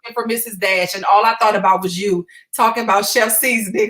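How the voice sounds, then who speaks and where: A woman's voice: medium pitch, fairly even intonation, fast, a bit bright. A woman hosting a late-night livestream, upbeat and chatty, rallying her viewers. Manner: upbeat, hype-building, calls out to viewers. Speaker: livestream host. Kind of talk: casual livestream chat.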